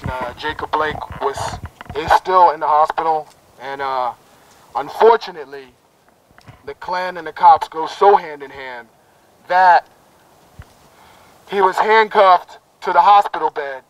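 A man with a high voice leads a prayer at an outdoor rally. He speaks fervently in rhythmic, repeated phrases, and his voice comes through dry and close. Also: a little slow, long pauses, a bit bright, dry recording, rough recording. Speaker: protest speaker leading a prayer. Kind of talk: impassioned rally speech. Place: outdoor town plaza.

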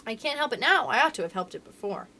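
A woman's voice: on the high side, very animated, quick pace, pushed and bright, full character voice. A woman doing an earnest young miner boy.

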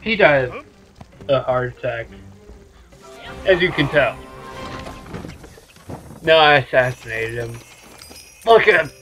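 A man's voice: mid-range voice, expressive, takes it slowly, pauses often, a bit bright. A man commenting on a game he is playing, joking and crude in laid-back asides. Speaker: let's play host. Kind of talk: gameplay commentary. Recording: dull lo-fi mic with game music.

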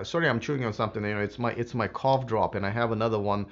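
A man hosting a live stream, chatting casually with lots of fillers and restarts, his voice a bit hoarse from a sore throat. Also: mid-range voice, quick pace, hardly any pauses, muffled recording. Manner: rambling, many fillers and restarts. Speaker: livestream host.

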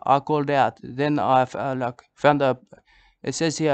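A man's voice: medium pitch, fairly even intonation, unhurried, clear, resonant tone, dry recording. An older man, repeating himself in a boastful, mock-serious comedic monologue. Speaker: comedic vlogger.

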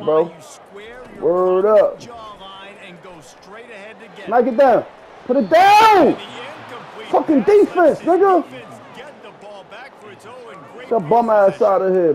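A man streaming a football video game, trash-talking loudly and boastfully with plenty of profanity. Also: high voice, takes it slowly, long pauses, rough recording. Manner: boastful, profane, loud, laughs a lot. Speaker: gaming streamer. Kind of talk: loud trash-talking gameplay commentary.

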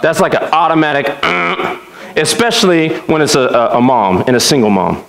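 A man preaching a sermon as pastor, an animated, joking storyteller. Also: on the high side, normal speed, creaky. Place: church sanctuary. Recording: echoey church room.

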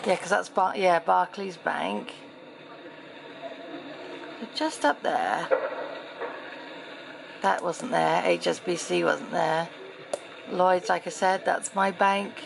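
A woman's voice: on the low side, slow, creaky, long pauses, noisy background. A middle-aged woman from England chatting casually in her vlog, amused as she reacts to clips. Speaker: vlogger.

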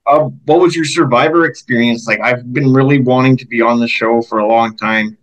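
A man's voice: mid-range voice, steady tone, brisk, rough recording. A man hosting a casual interview podcast, asking eager, jokey questions. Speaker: podcast host.

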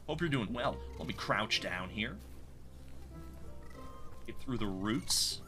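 A man's voice: on the low side, animated, slow, over music. A man streaming a game live, chatting casually, reacting aloud and greeting viewers in chat. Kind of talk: live gameplay commentary.

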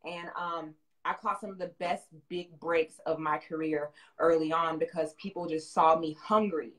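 Guesting on a relaxed interview, this Southern fashion designer and brand owner in young adulthood recounts her story with lots of energy. She laughs frequently and voices quoted lines with sharp leaps up in pitch.

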